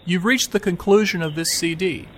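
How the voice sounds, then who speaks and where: A man reading a closing announcement for a lecture recording, spelling things out slowly. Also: high-pitched, steady tone, slight background noise. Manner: slow, spelled-out delivery.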